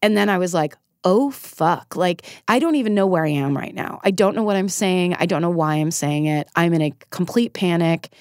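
Middle-aged woman guest, lowish voice, dry close mic, spills a personal story, blunt and emotional, swears a bit. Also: a little fast, hardly any pauses, darkish tone, smooth, no echo. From Northern California. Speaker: guest, comedian and TV writer. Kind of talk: candid conversational storytelling.

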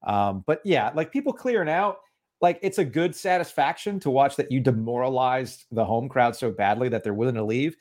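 A man's voice: medium pitch, normal speed. Chatty joking man on a sports podcast. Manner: animated, joking, many "like" fillers. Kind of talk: casual sports chat.

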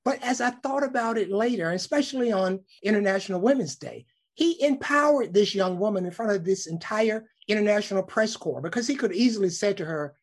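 A man, a news cameraman telling a lively story in a casual interview. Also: high voice, a little fast, hardly any pauses. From Alabama, United States. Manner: animated storyteller, acts out quoted voices.

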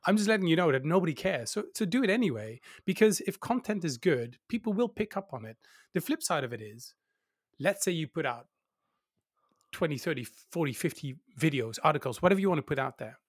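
A man giving candid advice as an interview guest, lively and laughing, often acting out the doubting voices he quotes. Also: a little high, fairly quick, breathy edge, no echo, studio quality. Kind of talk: casual interview conversation.

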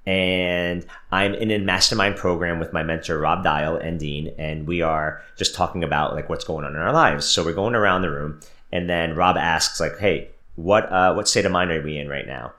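A man's voice: low voice, normal speed, pushed and bright. A man in his thirties hosting a podcast, telling a personal story in a chatty, self-mocking way with lots of filler words. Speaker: podcast host. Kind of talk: casual motivational monologue.

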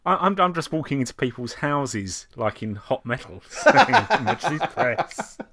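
A man's voice: medium pitch, sing-song, moderate pace, gravelly, sharp tone. Wry man podcast co-host. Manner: wry, dry humour. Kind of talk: casual chat.

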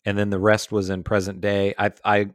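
A man's voice: fairly low pitch, monotone, fairly quick, no echo, studio quality. A man in his forties co-hosting a casual movie chat, rambling with many fillers and restarts. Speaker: podcast co-host.

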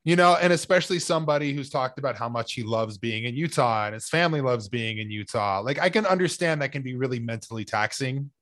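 A young man co-hosting a casual sports podcast, talking players over in a loose, animated way with lots of fillers. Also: medium pitch, fast, few pauses, no room sound. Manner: animated, speculative, many "like" fillers.

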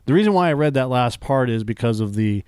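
A man's voice: mid-range voice, animated, quick pace, a little mellow, smooth, no echo, studio quality. A man co-hosting a casual movie review podcast, blunt and swearing freely, often cutting in on his co-host.

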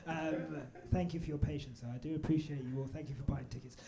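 Brief: young-sounding man, high voice, brash live-podcast host, swears a lot. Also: fairly even intonation, fast, crowd noise. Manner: loud, swearing, laughing banter. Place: live event venue with audience.

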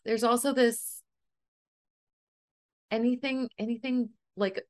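A young adult woman chatting casually, telling animated stories and acting out quotes. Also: on the high side, slow pace. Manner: animated storyteller, acts out quotes. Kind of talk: casual chat.

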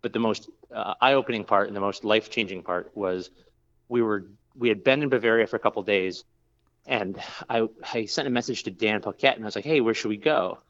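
Rambling low-voiced man telling a story. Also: a little fast, a bit bright, highs cut off. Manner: rambling, with many fillers and restarts. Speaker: brewer. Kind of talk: casual storytelling interview.

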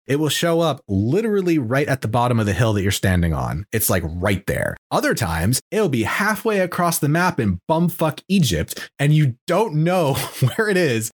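A man co-hosting a casual game discussion, telling stories about playing in an animated, profane way. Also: medium pitch, normal speed, hardly any pauses. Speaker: podcast co-host.

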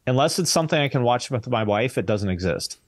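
A man's voice: mid-range voice, animated, quick pace, no echo. Podcast host guy, blunt, jokey, swears a lot, dead dry mic. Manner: blunt, joking, swears freely. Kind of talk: casual chat.

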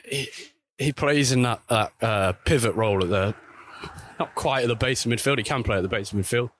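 Walking beside a street, this man delivers football commentary for a vlog at a brisk clip, with no echo. He's chatty and lively in pitch, often correcting himself mid-thought.

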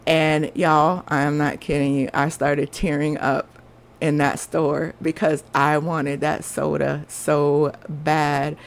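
A woman's voice: sits low, level tone, takes it slowly, gravelly. Earnest woman telling her story. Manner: earnest, confessional, chatty. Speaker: podcast host. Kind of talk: casual personal storytelling.

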